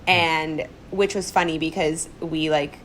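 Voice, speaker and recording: A woman guest on a podcast, chatting casually and telling animated stories with quick laughs and acted-out quotes. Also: sits low, a little hiss or hum, rough recording. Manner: animated storyteller, laughs often, acts out quotes. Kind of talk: casual chat.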